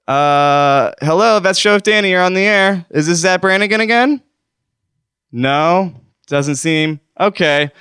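Guy hosting a goofy call-in show, rambly and self-deprecating, smooth voice, dry sound. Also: high-pitched, unhurried, a bit bright, no echo. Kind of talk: comedic call-in show banter.

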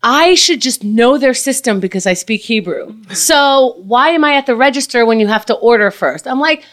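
A woman's voice: fairly high pitch, animated, normal speed, fairly bright tone. A woman in casual conversation, telling exasperated stories and laughing often. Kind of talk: casual chat.

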